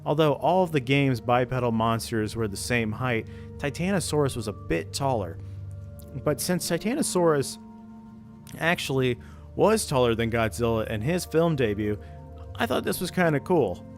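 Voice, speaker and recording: A man's voice: mid-range voice, lively intonation, moderate pace, faint music behind. A man reading a creepypasta aloud in a casual way, breaking off now and then to joke and laugh. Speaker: channel host reading creepypasta. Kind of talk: casual read-aloud of a horror story.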